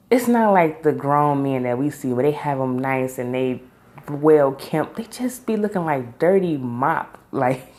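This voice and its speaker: A woman's voice: low-pitched, darkish tone. A middle-aged woman reviewing a reality TV episode in casual, opinionated chat, laughing often.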